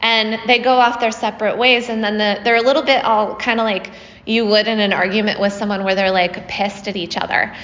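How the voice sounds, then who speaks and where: A woman's voice: mid-range voice, fairly even intonation, a little fast, fairly bright tone, long reverb tail, dull audio. A woman casually retelling a myth to a group she is teaching, with a chatty manner and frequent "right?" checks. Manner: conversational, often asks "right?" with fillers.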